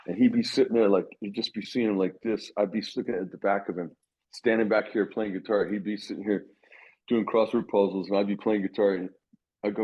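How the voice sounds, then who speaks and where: In a lowish, slightly breathy voice captured on dull audio, a middle-aged guitarist spins stories during a relaxed interview. His anecdotes wander with many restarts, and he performs the lines he quotes.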